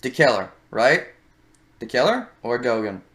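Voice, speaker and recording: Casual gamer man, loose musing commentary, bright tone. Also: mid-range voice, big pitch swings, unhurried. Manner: loose and swearing, musing aloud. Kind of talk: casual let's play commentary.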